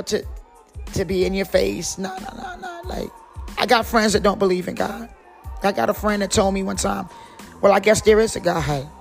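Soft music plays low behind a North Carolina podcaster in her forties as she wanders through a casual talk about her faith. Her voice sits mid-range, and she repeatedly returns to the phrase "you know what I'm saying."

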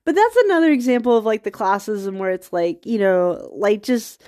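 A woman's voice: mid-range voice, animated, normal speed, darkish tone. A woman hosting a podcast, talking in a rambling casual monologue with laughing asides, a bit stuffy from a cold. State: has a cold, occasional coughs. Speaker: podcast host.

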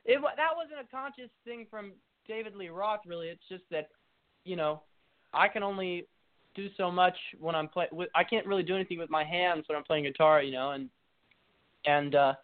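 Young man, musician guest, rambling, higher voice, tinny phone-like sound. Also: smooth. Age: young adult. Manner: rambling, quick asides. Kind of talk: casual interview chat.

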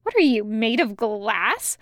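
A woman's voice: fairly high pitch, sing-song, slow, dry recording, studio quality. A woman voicing a playful, affectionate young woman in a fanfiction audiobook reading, with a wry teasing manner.

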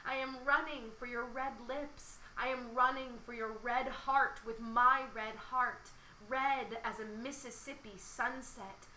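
A woman's voice: high voice, unhurried, reverberant, a little hiss or hum, rough recording. A young woman reading a love poem aloud with feeling, then chatting about it casually as a podcast co-host. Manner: expressive dramatic reading, then chatty with many "like"s. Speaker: podcast co-host discussing poetry. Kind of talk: poetry reading and casual chat.

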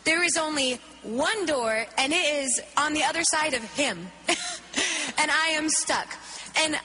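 A woman giving an animated spoken testimony, acting out her own reactions as she tells the story. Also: high-pitched, unhurried, long reverb tail, soft background music. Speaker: worship leader telling a testimony.

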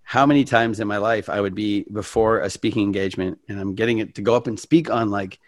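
A man hosting a casual conversation, telling stories in an animated way and acting out quotes. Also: quick pace, no room sound. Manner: animated storyteller, acts out quotes with big pitch jumps. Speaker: podcast host.

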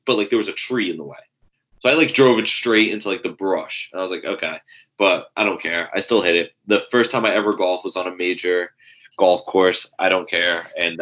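A man's voice: deep voice, fairly bright tone. A man, co-hosting a casual sports podcast and telling rambling stories with fillers and swearing. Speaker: podcast co-host. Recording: dull lo-fi sound.

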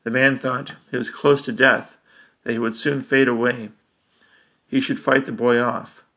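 Bright-voiced man reading a dark tale. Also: mid-range voice, flat delivery, unhurried. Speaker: storyteller. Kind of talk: dramatic story reading.

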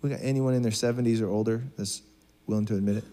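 A man's voice: fairly low pitch, fairly even intonation, rapid-fire, mellow. A man preaching a sermon in a conversational, joking way, acting out bits of dialogue. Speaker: pastor.

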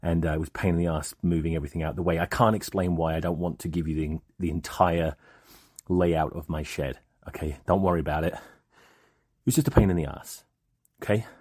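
A man's voice: deep voice, steady tone, a little fast, a little mellow, husky, dry recording, studio quality. A man hosting a podcast, telling rambling, profane comic stories in a monologue. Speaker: podcast host.

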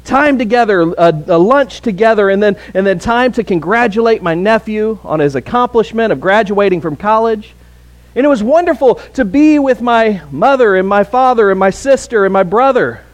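A man with a notably high voice preaching to his congregation. He speaks earnestly, circling back on words as he restarts his phrases. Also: lively intonation. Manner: earnest, halting with repeated words. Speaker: pastor. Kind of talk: sermon.

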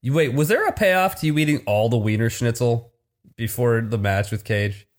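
A man's voice: medium pitch, normal speed. A man hosting a podcast in casual chat, laughing and loose as he hands off questions. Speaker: podcast host.

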